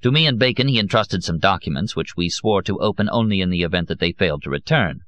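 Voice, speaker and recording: A man reading an audiobook in an expressive, theatrical way. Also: low-pitched, fast talker, no echo. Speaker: audiobook narrator.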